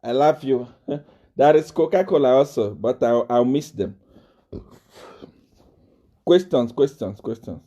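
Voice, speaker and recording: A man's voice: medium pitch, normal speed, warm tone, highs cut off. A man doing live political commentary on a video stream, talking in repeated bursts and laughing between his points. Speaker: online commentator.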